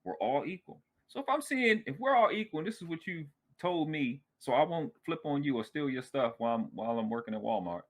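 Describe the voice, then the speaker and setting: A man arguing on a panel, animated, sarcastic and profane. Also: a little high, fairly quick, hardly any pauses. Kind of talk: heated panel discussion.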